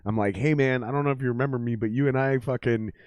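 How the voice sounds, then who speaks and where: A man's voice: mid-range voice, fairly even intonation, fast talker, a little mellow, clear, resonant tone, no room sound. A man from Minnesota hosting a live show, telling stories in casual, profane banter with frequent laughs. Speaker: podcast host.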